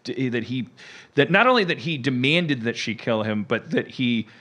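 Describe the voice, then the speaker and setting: Comedy podcast host, man, bright edgy voice, loose rambling delivery full of restarts. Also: medium pitch, lively intonation, moderate pace. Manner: rambling, laughing, many restarts. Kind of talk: casual comedic chat.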